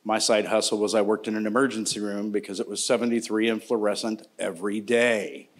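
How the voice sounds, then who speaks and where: Middle-aged man, low-pitched, paramedic on a panel, casual and joking. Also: fairly even intonation, a little fast, slightly rough. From Indiana, United States. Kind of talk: conference panel talk.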